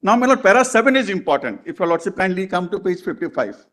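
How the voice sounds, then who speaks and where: In a courtroom, a man argues a legal case, repeatedly addressing the bench as "my lord" and restarting haltingly. His voice is high and a little bright, with big swings in pitch.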